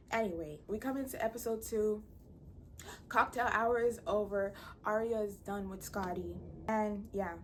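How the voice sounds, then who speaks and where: A woman's voice: mid-range voice, a little hiss or hum. A woman giving a blunt, profane, exasperated recap of a reality show. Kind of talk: casual ranting recap.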